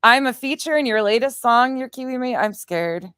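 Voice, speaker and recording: A woman's voice: on the high side, expressive, moderate pace, a bit bright, smooth, no room sound, clean studio sound. A middle-aged woman with a Southern US accent, chatting casually on a livestream and reading out viewer comments, laughing often and swearing now and then. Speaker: livestream host.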